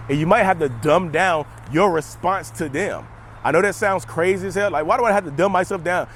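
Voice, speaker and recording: Rambling, jokey man, slightly high voice. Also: a little hiss or hum. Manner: rambling, jokey, addresses viewers as y'all. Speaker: mental health vlogger. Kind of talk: casual unscripted monologue to camera. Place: outdoors.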